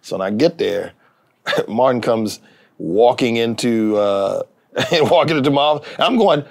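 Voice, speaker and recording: A middle-aged man who writes and acts for TV tells a story in a casual interview. His gravelly, mid-range voice moves at a measured pace, and he animatedly acts out the people he quotes.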